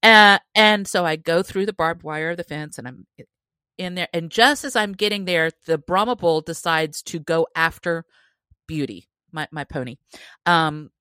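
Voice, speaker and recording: A woman telling a childhood story on a podcast in an animated way, often laughing as she talks. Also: lowish voice, normal speed, smooth, no echo. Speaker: podcast guest. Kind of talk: casual storytelling.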